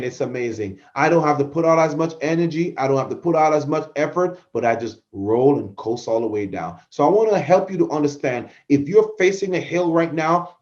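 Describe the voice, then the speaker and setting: A man's voice: on the high side, lo-fi sound. A middle-aged man hosting a podcast, giving a fervent motivational talk that repeats phrases for emphasis. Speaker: podcast host, motivational speaker.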